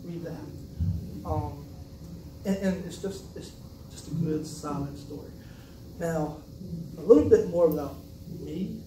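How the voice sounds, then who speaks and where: A man's voice: on the high side, measured pace, long pauses. A man from South Carolina, an author giving a casual, joking talk about his writing. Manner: casual, conversational, joking asides. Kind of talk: personal storytelling speech. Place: event venue, indoors. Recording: roomy, distant mic, noisy.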